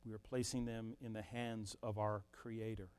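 A middle-aged man preaching a sermon as pastor, swinging from loud emphasis down to a near-whisper. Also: on the low side, little pitch movement, normal speed, clean tone.

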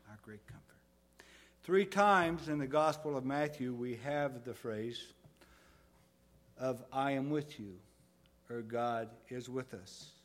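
A male pastor preaching a sermon, dropping to soft low phrases and rising to loud emphatic ones. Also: slow pace.

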